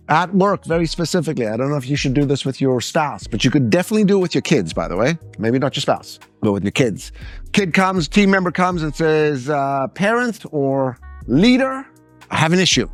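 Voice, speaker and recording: A middle-aged man speaks at a seminar in a medium, ordinary pitch. He is an animated storyteller who slips into other people's voices mid-anecdote. Faint music sits behind him. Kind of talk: seminar talk with acted-out anecdotes.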